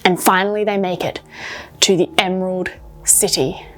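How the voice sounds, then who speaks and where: A woman's voice: fairly low pitch, steady tone, moderate pace, a bit bright, faint music behind. A woman coaching children through yoga poses while telling a story, encouraging and instructive.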